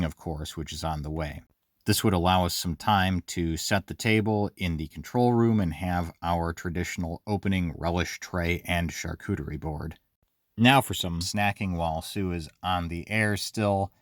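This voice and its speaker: A man's voice: low voice, dry recording, studio quality. A man casually narrating a holiday cooking video and joking his way through the prep in a radio station control room. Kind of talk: casual narration and kitchen chat.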